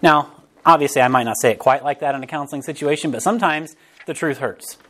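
A man preaching a sermon as pastor, in a casual, animated way, often restarting phrases and briefly acting out quotes. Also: a little high, fast. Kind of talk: conversational sermon.

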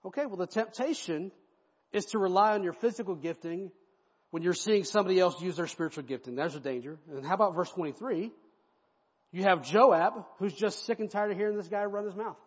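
A male pastor delivers an expository sermon, animated and conversational, his high, husky voice moving a little fast. The church recording has an echoey hall and dull lo-fi sound.

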